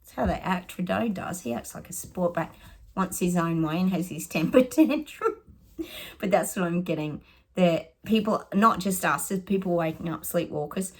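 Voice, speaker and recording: A woman's voice: on the low side, normal speed. A middle-aged Australian woman, a psychic giving casual predictions, chatty and sarcastic, often laughing.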